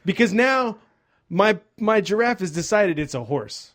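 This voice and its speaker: A man's voice: high voice, big pitch swings, unhurried, a bit bright. A man co-hosting a casual podcast, joking and teasing, taking the contrary side to needle the others. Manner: joking, teasing, playing devil's advocate. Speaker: podcast co-host. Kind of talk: casual chat.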